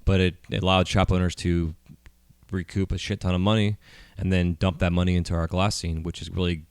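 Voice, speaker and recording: A middle-aged man with a low, smooth and resonant voice hosts a casual podcast chat. He rambles through his points with plenty of fillers and frequent swearing. The recording is dry and close, spoken into a handheld mic. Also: little pitch movement, a little fast, dry recording. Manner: rambling, profane, heavy with fillers. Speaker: podcast host.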